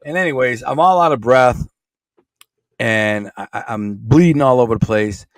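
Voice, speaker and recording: Speaking at a moderate pace in a medium-pitched voice, a middle-aged Michigan man with a local accent guests on a podcast. He spins a casual, rambling tale in blunt street talk, and the studio sound is dry and clean.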